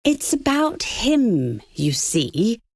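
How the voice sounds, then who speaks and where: A woman's voice: on the high side, sing-song, creaky, darkish tone, no echo, clean studio sound, full character voice. A woman voicing a prim, firm school official. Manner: measured, formal and insistent. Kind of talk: animated story dialogue.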